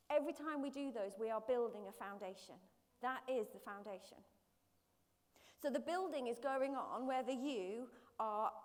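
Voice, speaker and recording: Lively woman preaching in a hall. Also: fairly high pitch. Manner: lively, acts out everyday voices. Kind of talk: sermon. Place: church hall. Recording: live church stream with hall reverb.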